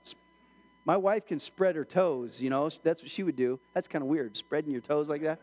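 A middle-aged man preaching a sermon as pastor in church, animated, acting out the voices he quotes. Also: a little high, normal speed, long reverb tail.

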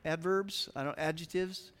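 Joking pastor with a slightly high voice. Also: male voice, steady tone, normal speed, a bit bright. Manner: chatty and joking, many fillers and restarts. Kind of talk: casual conversational sermon. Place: church sanctuary. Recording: long church reverb.

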